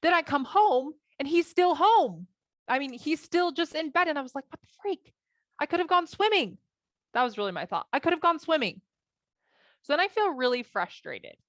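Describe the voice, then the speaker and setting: A woman life coach telling a personal story to her audience in a lively, conversational way, acting out her own thoughts. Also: sits high, moderate pace, dry recording, clean studio sound. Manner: animated, acts out her own thoughts in quotes.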